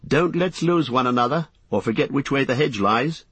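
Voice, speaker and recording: A man's voice: mid-range voice, moderate pace, fairly bright tone, slightly rough, no echo, pitched above the performer's own voice. Frodo, a man doing an earnest hobbit. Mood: urging.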